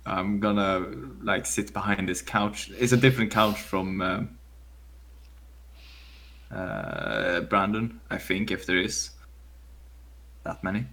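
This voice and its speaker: A man plays a horror tabletop game, speaking casually with pauses and restarts. His voice sits on the low side. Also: expressive, vocal fry, fairly bright tone. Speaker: player. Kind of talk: tabletop role-play.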